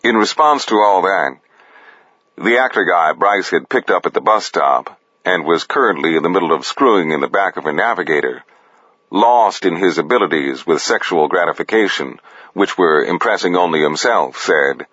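A man narrating a gritty story in a flat, deadpan manner. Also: deep voice, moderate pace, no room sound. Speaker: audiobook narrator. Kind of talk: gritty first-person and third-person narration. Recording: dull lo-fi dry recording.

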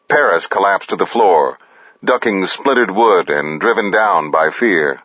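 A man narrating fiction in an expressive, deliberate manner. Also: sits low, dry recording, lo-fi sound. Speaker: audiobook narrator.

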